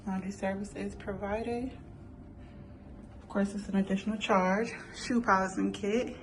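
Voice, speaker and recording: A woman's voice: medium pitch, steady tone, a little slow, a little hiss or hum, poor audio. Chatty woman giving a hotel room tour. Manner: chatty, enthusiastic. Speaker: travel vlogger.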